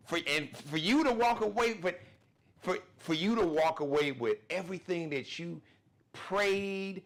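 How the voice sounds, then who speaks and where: A man's voice: high-pitched, measured pace. A man hosting a casual chat show, talking fervently in religious terms. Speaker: show host. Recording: crowd noise behind the voice.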